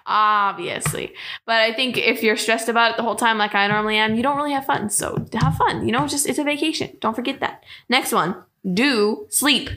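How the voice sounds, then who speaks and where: A woman's voice: on the high side, brisk, few pauses, pushed and bright. A young woman co-hosting a casual podcast, chatty and giving travel tips, a little tired. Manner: chatty, laughs easily, upbeat advice-giving. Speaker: podcast co-host.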